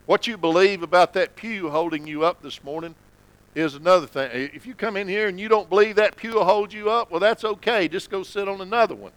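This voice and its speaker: A man preaching a sermon in church, folksy and conversational, sometimes dropping to a low hush for emphasis. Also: brisk, smooth, dry recording, rough recording. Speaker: pastor.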